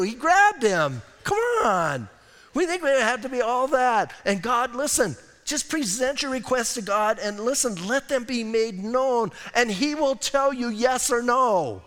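A man preaching a sermon as a pastor, telling stories with lively, acted-out quotes. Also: very high voice. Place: church hall. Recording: long hall reverb.

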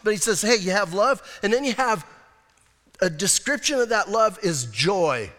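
Higher-pitched male pastor in a reverberant hall. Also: big pitch swings, moderate pace, a bit bright. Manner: conversational storytelling with self-deprecating humor. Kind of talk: sermon.

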